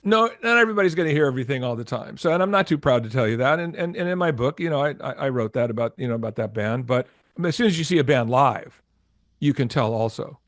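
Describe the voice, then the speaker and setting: A man's voice: mid-range voice, fast talker, no room sound. Older male guest, storyteller, acts out dialogue, dry close sound. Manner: animated anecdotes with acted-out quotes, frequent restarts. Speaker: former record label promotion executive, guest. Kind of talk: storytelling interview.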